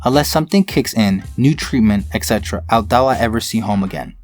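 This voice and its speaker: A man reading online stories aloud in steady first-person narration. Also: fairly low pitch, a little fast, soft background music. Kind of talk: scripted narration of online posts.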